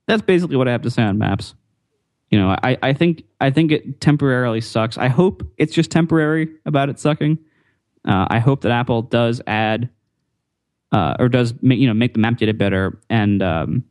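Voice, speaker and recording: A man's voice: mid-range voice, darkish tone, no echo, studio quality. Rambling man on a tech podcast. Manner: rambling, repeats words, frequent fillers. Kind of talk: casual tech podcast chat.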